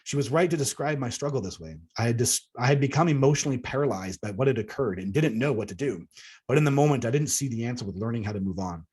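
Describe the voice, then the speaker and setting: A man's voice: medium pitch, lively intonation, fast talker, a little mellow, slightly rough. A man reading aloud from his own book about alien contact, earnest, with casual asides to the audience. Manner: earnest, breaks into laughs at himself. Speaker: author.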